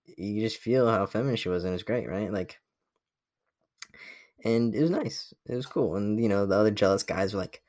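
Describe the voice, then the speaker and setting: Cocky, profane young man, lowish voice. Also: moderate pace, a little mellow, no echo, clean studio sound. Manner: cocky, boastful and profane, with a lot of laughing. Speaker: podcast host. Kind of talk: casual storytelling monologue.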